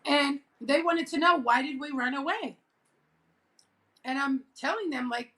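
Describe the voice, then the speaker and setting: Woman vlogger, high clear bright voice, casual animated storytelling. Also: measured pace, long pauses. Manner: laughing, animated retelling with quoted voices.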